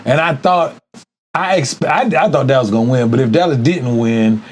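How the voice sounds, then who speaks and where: A man co-hosting a casual podcast chat, animated, laughing often and talking over his partner. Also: medium pitch, moderate pace, a little hiss or hum. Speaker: podcast co-host.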